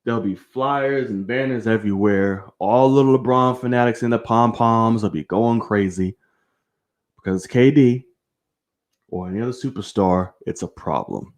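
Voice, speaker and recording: A man's voice: mid-range voice, normal speed, darkish tone. A man hosting a live-streamed sports show, giving heated, profane opinions and speaking straight to his viewers. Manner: addresses viewers directly.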